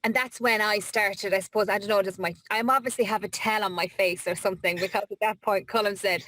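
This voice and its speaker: A woman's voice: mid-range voice, steady tone, a little fast, fairly bright tone, no echo, rough recording. A woman hosting a casual chat over a video call, talking in a chatty, rambling, emotional way. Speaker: host.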